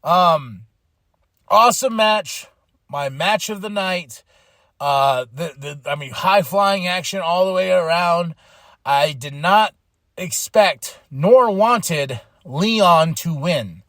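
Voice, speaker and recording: A man hosts a podcast and recaps wrestling in a casual, chatty way, full of fillers and restarts. He acts out what wrestlers said in big, exaggerated voices. His voice sits a bit high, and the sound is dry and close to the mic. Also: animated, slow pace, a bit bright, no room sound. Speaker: podcast host.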